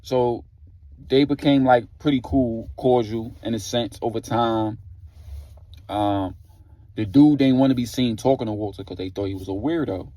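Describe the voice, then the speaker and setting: A man's voice: mid-range voice, moderate pace, warm tone, no echo. A man retelling a story in a casual, slangy way, leaning on "like" and "you know" as he goes. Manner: slangy, loose, heavy on filler "like".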